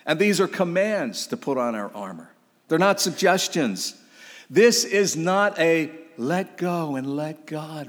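A man's voice: fairly high pitch, big-room sound. A man preaching a sermon, emphatic and exhorting, with casual asides to the congregation. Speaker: pastor.

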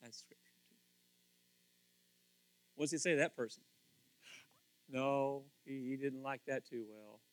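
A man preaching a casual sermon, animated and acting out little scenes with different voices. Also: medium pitch, a little slow, long pauses, smooth, dry recording.

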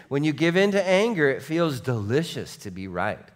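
A man preaching a sermon as pastor, animated, going from soft asides to shouts and acting out what people say. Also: a little high, moderate pace. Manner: animated, swings between soft and shouting, acts out quotes.

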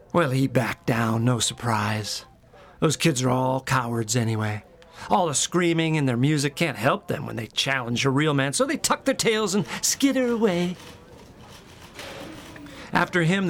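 A middle-aged man in a self-righteous, prissy comic monologue, explaining himself to a police officer and breaking into shrill, high-pitched rants. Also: lively intonation, a little slow, fairly bright tone. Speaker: comedic monologue character.

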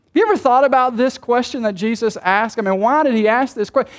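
A man's voice: very high voice, fast. A male pastor preaching a sermon in a conversational way, asking rhetorical questions and making light jokes.

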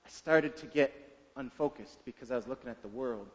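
A man's voice: mid-range voice, fairly quick. A middle-aged man preaching a sermon as a pastor, in a conversational, folksy way, often asking the listeners questions. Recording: dull reverberant hall sound.

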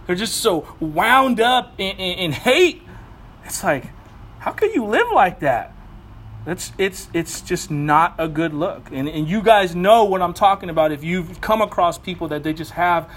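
A man preaching a sermon in a lively, conversational way, full of humor and asides. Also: fairly high pitch, slight background noise. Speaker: pastor.

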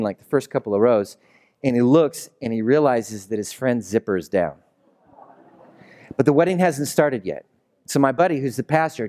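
A man's voice: on the high side, dark tone. A man preaching a casual, chatty sermon, telling stories and asking the congregation questions. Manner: storytelling, chatty, asks the room rhetorical questions. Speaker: pastor.

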